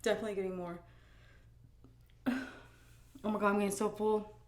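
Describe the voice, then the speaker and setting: A woman's voice: mid-range voice, level tone, brisk, roomy sound. A woman vlogger chatting frankly while she eats, reading out viewer questions and answering them. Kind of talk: casual chat while eating.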